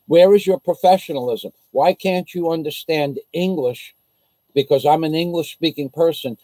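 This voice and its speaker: A man's voice: a little high, moderate pace, mellow, no room sound, poor audio. An American man vlogging from the Philippines, telling an indignant, rambling story on a casual livestream. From United States.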